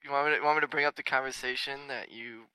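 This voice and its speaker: A man's voice: medium pitch, steady tone, rapid-fire, clean tone, no room sound, low-quality recording. A young man co-hosting a podcast, chatting casually and teasing his friends. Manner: teasing, laughs a lot, yells when riled. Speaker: podcast co-host. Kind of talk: casual chat among friends.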